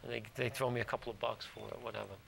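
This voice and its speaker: A man's voice: mid-range voice, steady tone, rapid-fire, vocal fry, a bit bright, slight background noise, low-quality recording. A man, a guest actor, chatting and telling stories in a TV studio interview, rambling with restarts. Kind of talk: casual interview storytelling.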